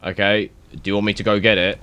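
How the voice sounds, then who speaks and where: A young man giving excitable, rambling let's-play commentary, swearing and thinking aloud as he plays. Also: on the low side, fast, clear, resonant tone. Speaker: gaming YouTuber.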